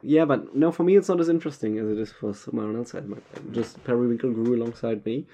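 A man with a German accent co-hosts a relaxed podcast chat in a mellow, soft-edged voice. He talks haltingly and often restarts his sentences. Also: mid-range voice. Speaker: podcast co-host. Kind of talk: casual chat.

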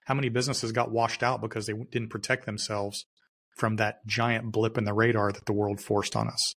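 A middle-aged man speaks as a podcast guest in a fairly low voice. He tells his story with emphasis and circles back on his key phrases. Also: little pitch movement, a little fast, fairly bright tone. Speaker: guest entrepreneur. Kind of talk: storytelling interview answer.

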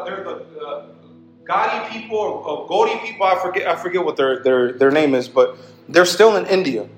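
Preacher man with a high voice, dramatic storytelling sermon, echoey church room, soft music under him. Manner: dramatic, swings from loud to hushed.

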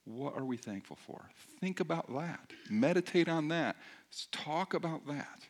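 A man preaching in a lively, conversational way, then praying quietly. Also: a little high, unhurried. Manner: animated and conversational, rising loud when preaching. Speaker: pastor. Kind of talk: sermon then quiet prayer.

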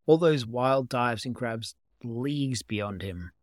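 A man reading a story aloud as an amateur narrator, calm and even. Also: mid-range voice, takes it slowly, dry recording, clean studio sound. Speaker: amateur reader. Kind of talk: audiobook narration of fan fiction.

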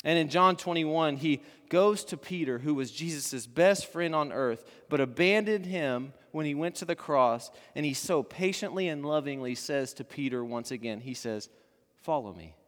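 Preacher, male, fairly high voice, fervent builds with hushed drops; church hall reverb. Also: lively intonation, moderate pace, few pauses. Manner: rising to fervent emphasis, then dropping to soft hushed endings. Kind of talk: sermon.

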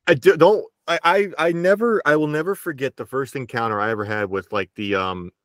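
A young man of middle pitch tells a rambling podcast story, stumbling and restarting. The sound is dry and close. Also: brisk, no echo. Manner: rambling storyteller who stumbles over words. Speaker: podcast co-host. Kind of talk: casual chat.

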